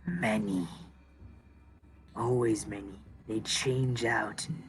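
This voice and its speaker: A man's voice: on the low side, steady tone, slow, music in the background. A man voicing a terse spiny cave creature. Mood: eerie.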